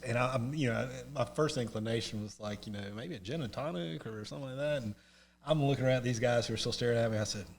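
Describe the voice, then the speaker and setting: A man's voice: medium pitch, fast talker, vocal fry. A man from North Carolina with a Southern American accent, a podcast guest who tells a rambling, self-mocking story with many restarts. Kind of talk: casual storytelling.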